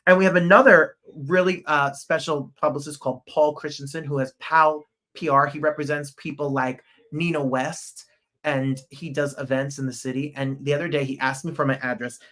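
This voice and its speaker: A man hosting a podcast in casual, excitable, rambling livestream chat. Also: fairly high pitch, moderate pace. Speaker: podcast host.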